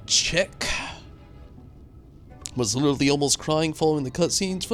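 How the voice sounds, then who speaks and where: A young man streaming a game, rambling through animated stories and chatting with viewers at a desk mic. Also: mid-range voice, moderate pace, long pauses, soft background music. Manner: rambling, animated storytelling with swings into loud outbursts; reads out and answers viewer chat. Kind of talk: casual live-stream commentary.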